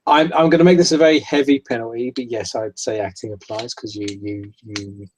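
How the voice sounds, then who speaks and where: A man narrating a tabletop horror game as game master, in a halting way, repeating words and dropping low for dread. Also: steady tone, a little mellow, slight background noise, poor audio.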